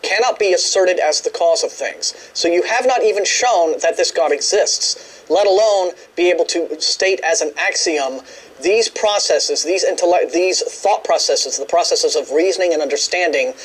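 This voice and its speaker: High husky-voiced guy cohosting a radio call-in, kinda halting as he argues. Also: poor audio. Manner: halting, searching for words while pushing back. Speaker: radio talk show co-host. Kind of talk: call-in debate.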